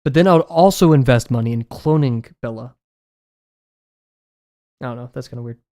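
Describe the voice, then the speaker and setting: Mellow-voiced young man rambling amusedly. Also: mid-range voice, normal speed. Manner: rambling, amused, self-correcting. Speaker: streamer. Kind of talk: casual chat while drawing on stream.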